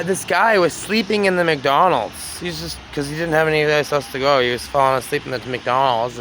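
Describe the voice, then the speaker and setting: A man with a voice pitched a little high rambles through his own story. He swears freely and sounds aggrieved. He is outdoors on a city street at night, with faint traffic behind him. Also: a bit bright.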